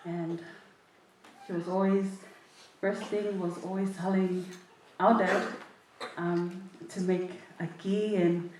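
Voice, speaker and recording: A young woman, a granddaughter, sharing memories at a memorial service. She talks softly and haltingly, with frequent ums. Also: on the low side, little pitch movement, recorded from a distance. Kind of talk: informal memorial speech. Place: large echoey hall at a family service. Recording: very echoey hall, off-mic, faint noise.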